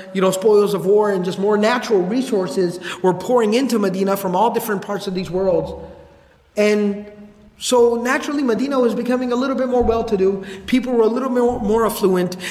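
A man giving a casual, animated religious storytelling lecture with slangy asides. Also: sits high. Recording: echoey hall reverb.

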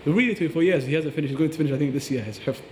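A man's voice: on the high side, very fast, roomy sound, in a large hall, a little hiss or hum. A man teaching about Quran recitation on a podcast, earnest and explanatory, demonstrating pronunciations aloud.

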